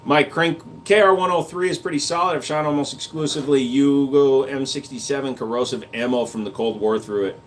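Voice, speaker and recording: A man with a mid-range voice hosts a livestream, reading chat comments aloud and firing back crude jokes and casual gun talk. He talks fairly quickly with hardly any pauses, over a faint hiss or hum.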